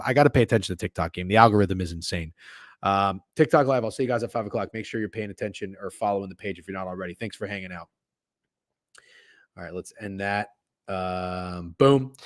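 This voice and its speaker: In casual livestream chat, a sports betting stream host jokes with his viewers in a loose, profane way. He has a lowish voice, recorded at studio quality with no room sound.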